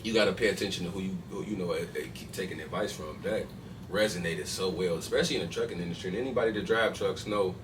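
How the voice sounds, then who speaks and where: A man's voice: deep voice, fast talker. A man hosting a podcast, talking loosely in slangy casual chat with lots of restarts. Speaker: podcast host. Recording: distant mic with faint noise.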